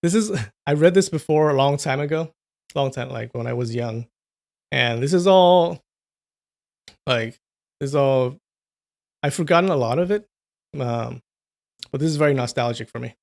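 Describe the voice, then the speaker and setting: A man reading a novel aloud on a livestream, breaking off for relaxed chat with viewers' comments. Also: medium pitch, moderate pace, gravelly, pauses often. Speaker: livestream storyteller.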